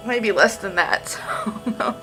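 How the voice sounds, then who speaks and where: A woman's voice: medium pitch, unhurried, over music, poor audio. Sleepy giggly woman rambling. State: sleepy, just woke up. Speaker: podcast host. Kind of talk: casual solo podcast chat.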